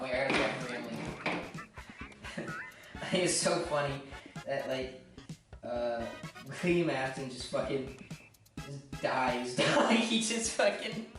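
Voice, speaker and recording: A young man rambling profanely and excitably through a comedic retelling of game lore, sounding drunk. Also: fairly high pitch. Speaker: host. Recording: echoey room, far from mic, faint music.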